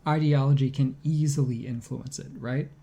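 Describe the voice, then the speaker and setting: A man co-hosting a casual podcast chat, talking in an animated way and reading tweets aloud in his own voice. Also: medium pitch, normal speed, gravelly, breathy edge. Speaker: podcast co-host.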